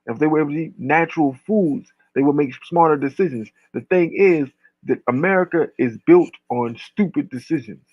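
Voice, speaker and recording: A man's voice: on the high side, normal speed, no room sound, muffled recording. A man giving a casual rant, blunt and profane, piling up long lists.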